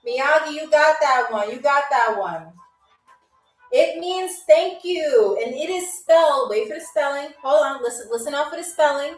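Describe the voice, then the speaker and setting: An upbeat woman with a high voice hosts a live-streamed trivia game, chatting with viewers at a moderate pace and drawing out each word she teaches. She sounds a little distant from the mic in a roomy space, with faint music underneath.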